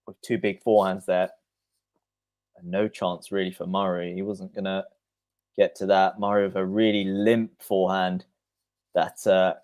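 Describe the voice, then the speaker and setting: A man with a deep, darkish voice streams live play-by-play of a tennis match. He calls each shot in turn and answers chat comments between points.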